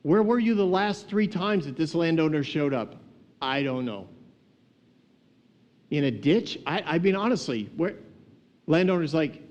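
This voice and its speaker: Man, higher voice, humorous conversational Bible teacher, slightly lo-fi sound. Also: measured pace, pauses often. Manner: lively storyteller, conversational and humorous. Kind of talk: casual teaching podcast.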